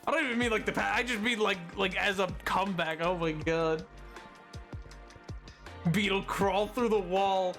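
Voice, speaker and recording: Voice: medium pitch, fairly even intonation, moderate pace, pauses often, fairly bright tone, faint music behind. A streamer on a live gaming stream, loopy and giddy, laughing hard through nearly every sentence.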